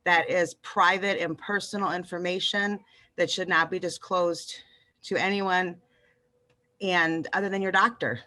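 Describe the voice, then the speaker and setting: A woman's voice: on the low side, steady tone, measured pace, pushed and bright. A woman calling in to a public meeting, out of breath, urging a vote in an urgent, persuasive way. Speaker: caller. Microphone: call-in line.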